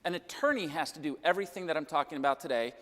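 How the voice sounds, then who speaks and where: A man's voice: fairly high pitch, racing, fairly bright tone, in a large hall. A Midwestern man from Kansas, a financial planner, giving a chatty church seminar talk and checking in with the audience every few sentences. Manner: chatty, keeps checking in with "okay?" and "right?". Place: church hall.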